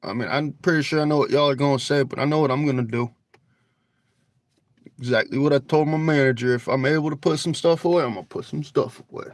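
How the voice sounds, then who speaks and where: A man's voice: a little high, fast, dry recording. A man hosting a casual phone livestream at night, laid-back and joking with viewers, cursing freely. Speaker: livestream host. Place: outdoors at night near a store parking lot. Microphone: phone camera.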